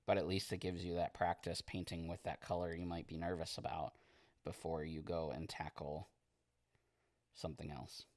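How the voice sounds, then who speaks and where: A man streaming as he paints miniatures, chatting casually in a relaxed, rambling way and reading viewer comments aloud. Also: low-pitched, normal speed, no echo, clean studio sound. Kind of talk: casual livestream chat while painting.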